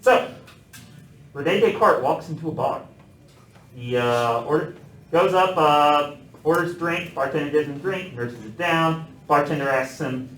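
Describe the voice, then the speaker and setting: A man's voice: a little high, moderate pace, a little hiss or hum. Joking male math professor in an echoey classroom. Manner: relaxed, joking, with many uh fillers. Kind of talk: classroom lecture. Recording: echoey classroom, mic some distance off.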